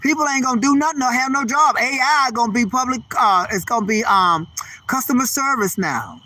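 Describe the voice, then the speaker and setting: An older male comedian in a profane, rambling rant. His voice is very high and bright, and he keeps piling up his complaints. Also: expressive, brisk, no echo. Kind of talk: stand-up style ranting monologue.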